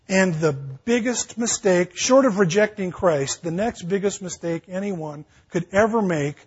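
Pastor guy preaching slow, kinda high voice, dull lo-fi sound. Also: darkish tone, slightly rough. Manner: acts out dialogue between God and Paul, emphatic build-ups. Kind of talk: sermon.

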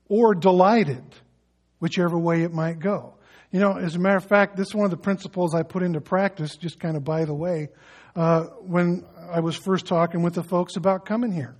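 A man's voice: high voice, fairly even intonation, normal speed, darkish tone. A middle-aged male pastor giving a sermon in a loose, conversational way, full of asides, fillers and restarts. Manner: conversational, anecdotal preaching with many fillers and restarts.

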